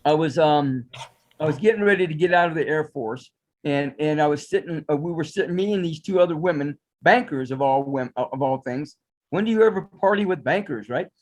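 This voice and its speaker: A man with a somewhat high-pitched voice speaks as a guest in a casual interview. He tells his story in a loose, rambling way that wanders as he goes. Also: fairly quick, darkish tone. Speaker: guest, psychic astrologer.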